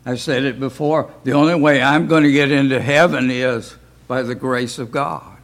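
At a moderate pace and with a steady tone, a medium-pitched man talks through an informal Bible study in a church. He sounds folksy and frequently throws out rhetorical questions.

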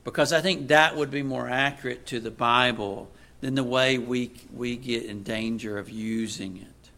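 A man preaching a sermon, moving from quiet asides to loud, emphatic readings of scripture. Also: medium pitch, fairly even intonation, moderate pace.

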